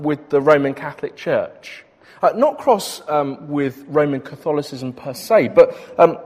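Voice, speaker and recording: A man's voice: on the high side, a little mellow. A man preaching to a congregation, telling history in a conversational way with many hesitations. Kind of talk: sermon with a history lesson. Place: church hall with an audience. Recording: long reverb of a large hall.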